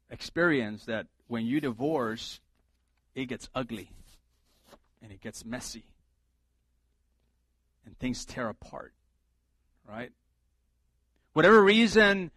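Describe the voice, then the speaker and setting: A middle-aged man delivers a sermon in a relaxed, joking manner, hammering home his points by repeating them. His voice sits a little higher than most men's. The recording is dry and close, with no room echo. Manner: conversational, humorous preaching with emphatic repetition. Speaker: pastor.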